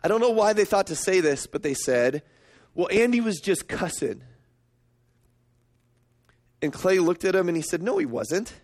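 Middle-aged guy preaching, high voice, tells stories and gets worked up. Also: normal speed, pauses often. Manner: storytelling, emphatic, rising to high excited pitch. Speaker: pastor. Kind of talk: sermon.

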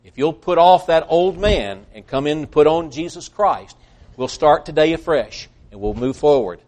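A man's voice: a little high, animated, normal speed, a little mellow. A male preacher giving a sermon, earnest and emphatic, quoting scripture at length.

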